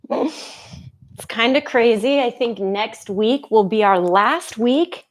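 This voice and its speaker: A woman instructor chatting casually with viewers before a live movement class, laughing often and greeting people by name. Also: fairly high pitch. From United States.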